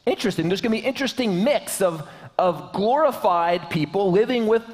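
A man's voice: high voice, expressive, a little fast, big-room sound. A man preaching a sermon to his church, in a joking, conversational way. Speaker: pastor. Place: church sanctuary.

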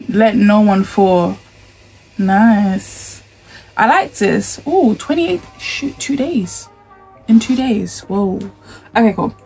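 A woman with a slightly husky, breathy tone reacts to a game trailer in a casual vlog. Her pitch swings widely with excited cries, but she speaks in an unhurried way. Soft music plays faintly behind her. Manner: excitable, exclaiming and rambling. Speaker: gaming YouTuber.

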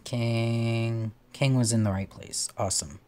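A man's voice: medium pitch, fairly even intonation, a little slow, a little mellow, a little hiss or hum. A man giving playful let's play commentary on a puzzle game, swearing casually and chatting to the characters on screen. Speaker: gamer playing a puzzle game.

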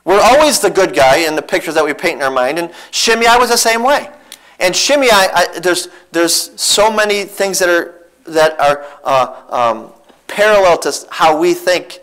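A man's voice: fairly high pitch, rough recording. Earnest man preaching a sermon. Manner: earnest, animated storytelling with frequent restarts. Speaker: missionary preacher. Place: church sanctuary.

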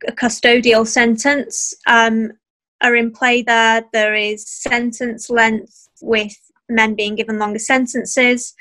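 A woman speaking in a measured, hesitant way, with frequent pauses and ums, as a guest in a casual panel discussion. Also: a little high, a bit bright.

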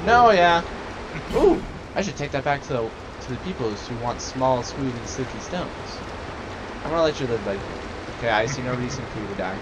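A young gaming channel host delivers rambling, jokey Let's Play commentary while playing a video game, swinging from mumbles to loud rants. His mid-range voice is expressive and a little fast, and the recording has loud background noise.

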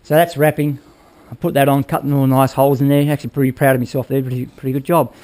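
A motorbike build vlogger shows off his project in his workshop, pointing things out and talking in a loose, rambling, hands-on way. He keeps checking in with viewers in an unscripted manner, asking "all right?" It's casual how-to talk from a fast talker whose ordinary middle-pitched voice is darkish and shows little pitch movement.

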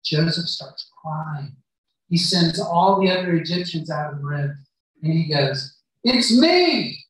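Telling a Bible story during a sermon, a man with a slightly high, level voice speaks at a measured pace and voices what the characters say. The recording comes from a very echoey church hall, with the speaker far from the microphone.

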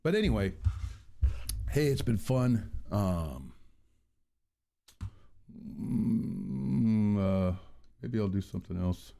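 A man's voice: on the low side, expressive, very slow, vocal fry, pauses often, mellow. A man hosting his own channel, ranting in a rambling, profane, exasperated way, recorded on an earbud mic. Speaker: channel host. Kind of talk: casual vlog rant.

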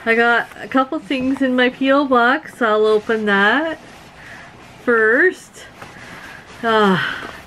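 A woman's voice: fairly high pitch, slow pace, pauses often, a bit bright, slight background noise, rough recording. A middle-aged woman from Canada hosting a casual vlog, giggling often and talking to her viewers like friends. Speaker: vlog host.

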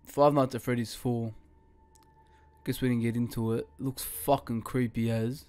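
A man's voice: medium pitch, flat delivery, measured pace. A man, casually commenting while he plays a horror game and swearing a lot. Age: 20s. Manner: swears a lot, panicky yelling when scared. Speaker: gaming streamer.

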